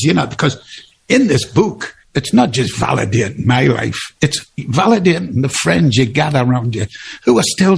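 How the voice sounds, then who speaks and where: Interview guest, Geordie man in his 70s, gravelly and husky, chatty storyteller. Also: on the high side. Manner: chatty, rambling, laughs often.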